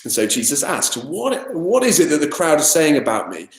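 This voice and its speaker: A man preaching a sermon as assistant minister, in a conversational style full of fillers and lively asides. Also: a little high, normal speed. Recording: echoey room.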